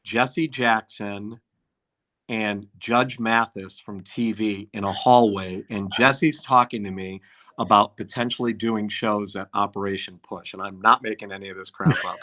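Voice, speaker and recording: A man's voice: on the low side, measured pace. A man, a concert promoter, telling anecdotes in a casual podcast chat and acting out what others said. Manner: animated anecdote-telling, acts out quotes.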